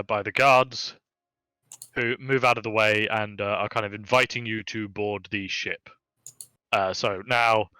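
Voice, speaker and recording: A man narrating as game master in a tabletop game, chatty and relaxed with many fillers. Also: medium pitch, smooth, dry recording, poor audio.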